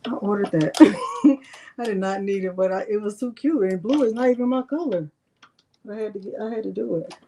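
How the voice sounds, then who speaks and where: This middle-aged crafting channel host speaks a little fast at medium pitch, her tone warm, with a slight hiss or hum in the background. Chatting with viewers as y'all on her livestream, she teases herself and mutters while she works.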